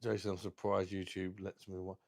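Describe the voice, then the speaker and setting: A man's voice: sits low, flat delivery, brisk, vocal fry. A young man, hosting a casual beer channel live stream, swearing freely and talking to viewers. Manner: sweary, emotional, talks to chat viewers.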